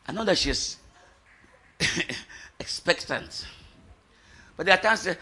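A man delivering a charismatic sermon in a high, strikingly bright voice. He rouses the congregation with questions and sudden shouted peaks, and the pace keeps shifting. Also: expressive, unhurried, long pauses, husky. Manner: rousing, bursts into shouts, asks the congregation questions. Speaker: preacher.

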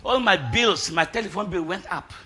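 A man preaching a charismatic sermon, rousing the congregation with rhetorical questions and bursts of shouting. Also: high-pitched, lively intonation, moderate pace.

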